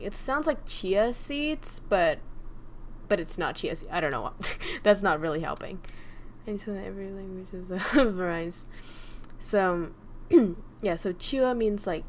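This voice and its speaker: A young woman talks slowly and loosely into a desk mic, teaching her language to a livestream chat. She drops casual swears and teases her viewers as she goes. A faint hum sits behind her voice. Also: medium pitch. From Vietnam.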